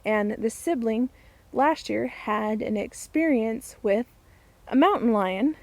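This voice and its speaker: A woman's voice: a little high, takes it slowly, no room sound, rough recording. A woman vlogger casually telling a funny story to the camera, outdoors in her garden, chatty and laughing as she goes.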